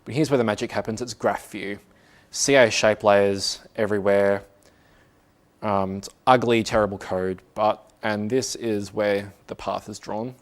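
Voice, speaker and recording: A man's voice: fairly low pitch, steady tone, measured pace. Man, casual meetup talk, self-deprecating, filler-heavy, conversational. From Australia. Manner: chatty, self-mocking, lots of "like" fillers. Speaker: meetup speaker. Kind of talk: casual tech talk to a small audience. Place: office meeting room.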